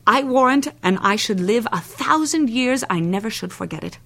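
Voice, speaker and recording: Woman playing a bawdy old nurse, gravelly, rambling, swooping pitch, Shakespeare stage reading. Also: expressive, normal speed, fairly bright tone, full character voice. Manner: rambling, laughs at her own jokes. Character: chattering old female nurse, bawdy and fond. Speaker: actor.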